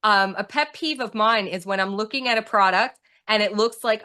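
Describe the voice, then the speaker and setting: A woman's voice: fairly high pitch, fairly quick, hardly any pauses, sharp tone. A woman hosting a podcast, chatting casually and adding emphatic asides of her own. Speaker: podcast host.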